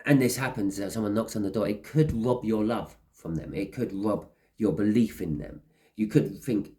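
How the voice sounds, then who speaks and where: A man talking through a tarot spread in a loose, rambling way, slipping into small acted-out scenes along the way. His voice sits on the low side. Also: animated, normal speed, mellow. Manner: rambling, acts out little scenes. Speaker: tarot reader. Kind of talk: casual tarot reading monologue.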